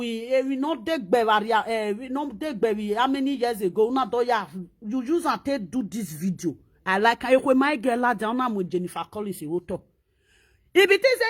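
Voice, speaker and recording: A Nigerian woman with a high voice delivers a casual monologue. She scolds and repeats herself, and her voice jumps up sharply whenever she stresses a point. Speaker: social media commentator.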